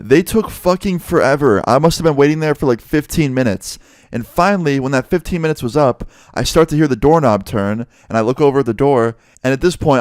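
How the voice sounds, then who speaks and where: A man telling a story from his school days in a casual, animated and profane way. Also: medium pitch, no room sound, studio quality.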